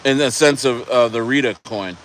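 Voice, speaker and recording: A man's voice: mid-range voice, normal speed, fairly bright tone, a little hiss or hum. Rambling man streaming crypto talk. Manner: rambling, repeats words, swears. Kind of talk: casual live-stream chat.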